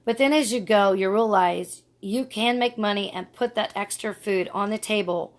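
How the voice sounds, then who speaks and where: A woman's voice: medium pitch, moderate pace. Middle-aged woman, earnest rambling storyteller, casual vlog. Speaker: vlogger.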